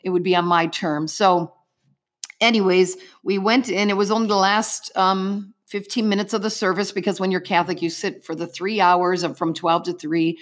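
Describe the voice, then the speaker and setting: A woman's voice: fairly low pitch, steady tone, normal speed. A middle-aged woman giving an earnest personal faith testimony as an interview guest, telling her story vividly in the present tense.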